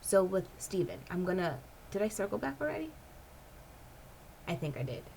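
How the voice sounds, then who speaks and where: A woman's voice: mid-range voice, sing-song, normal speed, creaky, a little mellow, slight background noise, rough recording. A woman vlogger in casual personal chat, rambling and filling her talk with "like". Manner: rambling, heavy use of "like".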